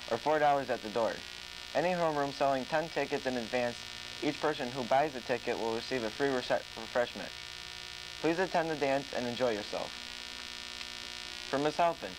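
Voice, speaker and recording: Man reading announcements over humming tape. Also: medium pitch. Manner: earnest reading with small stumbles. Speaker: school morning show host. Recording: old tape with electric hum.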